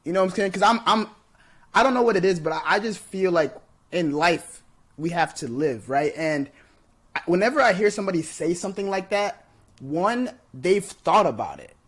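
A man's voice: high voice, expressive, moderate pace, breathy edge. A man hosting a podcast, chatting casually with his guest in an emphatic, encouraging way. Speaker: podcast host. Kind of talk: casual interview chat.

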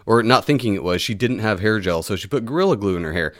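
A man's voice: fairly low pitch, expressive, quick pace, a bit bright, dry recording, studio quality. A man co-hosting a casual podcast chat, talking in a rambling, blunt and wry way. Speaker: podcast co-host.

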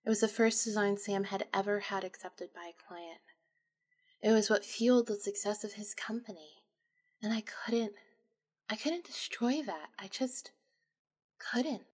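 A woman's voice: medium pitch, unhurried, darkish tone, slightly rough. Woman narrating an intimate ghost story. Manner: intimate, emotional, confessional. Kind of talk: first-person story narration.

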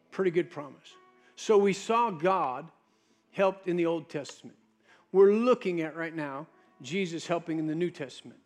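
A man preaching a sermon as pastor, dropping to a soft low voice when he quotes Jesus. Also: moderate pace, soft background music.

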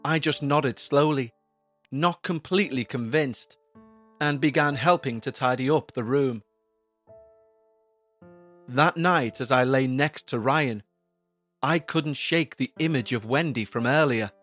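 A man narrating a scripted horror story in a slow, measured, tense way. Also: medium pitch, fairly bright tone. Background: faint background music.

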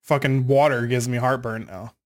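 Thirtysomething dude on a podcast, chill, jokey, laughs a lot, regular mid voice. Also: male voice, mid-range voice, fairly even intonation, moderate pace. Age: 30s. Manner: laid-back, laughs often, joking. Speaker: podcast co-host. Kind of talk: casual chat.

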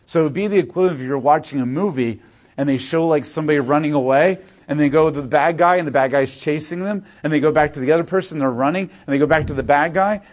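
A man teaching a class in a casual, explanatory way, with frequent fillers. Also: a little high. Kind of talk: classroom lecture.

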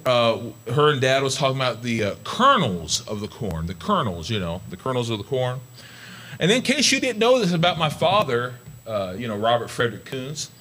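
Folksy, lively preaching man. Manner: folksy storytelling, rising to excited high pitch. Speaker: pastor. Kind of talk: sermon.

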